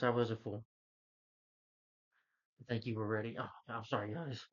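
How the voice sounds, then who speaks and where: A man's voice: lowish voice, level tone, normal speed, long pauses, highs cut off. A man who reviews movies, casually retelling a film's plot in a loose, rambling way with lots of "like" and "you know".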